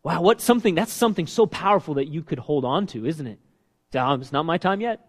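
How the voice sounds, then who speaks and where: A man preaching a sermon as pastor, animated and asking his listeners questions. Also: on the high side, quick pace. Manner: animated, asks the congregation questions. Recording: long reverb of a hall.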